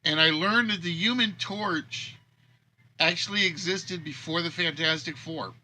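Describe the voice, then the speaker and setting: A man's voice: on the high side, a little slow, bright, forceful tone, slight background noise. A man hosting a casual livestream, rambling and thinking aloud about the games he builds. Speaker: game show host and creator.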